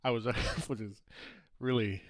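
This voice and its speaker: A man's voice: mid-range voice, fairly even intonation, unhurried, crowd noise. A man co-hosting a casual podcast, telling a story with lots of restarts, trailing off and laughing. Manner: rambling storyteller, laughs often, trails off mid-sentence. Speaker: podcast co-host. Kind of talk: casual chat.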